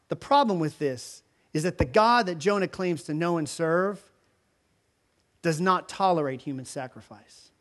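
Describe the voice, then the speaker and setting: A man preaching a sermon, retelling the story in a casual, animated way with filler words. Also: on the high side, a little slow. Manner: animated storytelling, voicing characters in quotes. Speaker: pastor.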